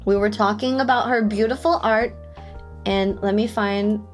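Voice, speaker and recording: A young adult woman chatting casually on a live stream, excitable and often giggling. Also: moderate pace. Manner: giggly and excitable, often breaking into high laughs. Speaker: VTuber streamer. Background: faint background music.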